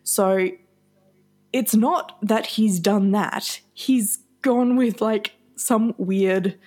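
A woman's voice: mid-range voice, extremely slow, a little mellow. A woman co-hosting a podcast in casual chat, chatty and teasing, often giggling. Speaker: podcast co-host.

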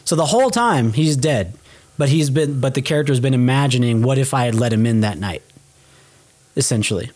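A young man chatting casually as a podcast co-host, recapping a movie with lively energy. His voice sits at an ordinary middle pitch. He swears offhand and jumps into the characters' lines as he tells the story. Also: brisk. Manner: animated retelling, swears casually, acts out quoted lines. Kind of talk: casual film recap chat.

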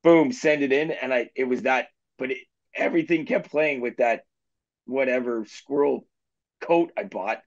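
A man's voice: medium pitch, moderate pace. A man co-hosting a real estate podcast, telling loose, self-deprecating stories and laughing at himself. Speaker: mortgage agent and podcast co-host. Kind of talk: casual podcast chat. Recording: slightly dull, muffled sound.

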